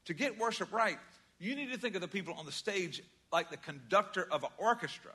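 Older pastor preaching, bright slightly high voice, chatty storytelling, gets loud then drops quiet. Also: male voice, expressive, a little fast, husky. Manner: conversational, storytelling, swings from loud emphasis to quiet. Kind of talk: sermon.

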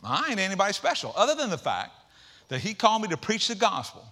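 A man preaching a sermon in church, energetic and conversational, with jokes and casual asides to the congregation. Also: high voice, quick pace. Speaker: pastor.

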